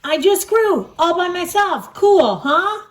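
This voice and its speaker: A woman voicing a bubbly, excitable little pig girl in a children's storybook read-aloud, with a squealy, bouncy, very high voice. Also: takes it slowly, heavily acted. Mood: excited.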